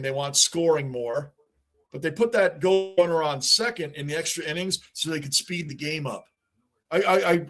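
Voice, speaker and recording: A middle-aged man talks casually on a livestream, reading chat messages and answering them. His voice sits a little high for a man. He rambles and circles back, repeating his points. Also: a bit bright. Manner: talkative, reads and answers chat, repeats himself. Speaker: livestream host.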